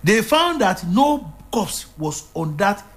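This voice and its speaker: A man's voice: high voice, sing-song, slow pace. A man preaching a sermon, retelling a Bible story with fervent, dramatic delivery and repeated phrases.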